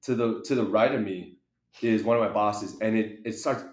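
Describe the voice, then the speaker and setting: A young man with a fairly low voice tells a story in casual chat, slipping into little voices for the people in it. The sound carries a noticeable echo from the room he's in. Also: normal speed. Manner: animated storyteller, acts out voices, laughs often. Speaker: podcast co-host telling a story. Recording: echoey room.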